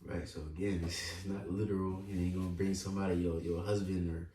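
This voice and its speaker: A man co-hosting a casual religious talk, relaxed and affirming, steering the discussion. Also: low voice, fast, slight background noise. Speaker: co-host. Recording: distant echoey room mic.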